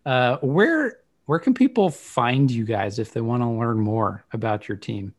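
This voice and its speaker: A man's voice: mid-range voice, lively intonation, a little slow. A man hosting a podcast, chatting casually about music picks with frequent laughs and trailing fillers. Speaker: podcast host.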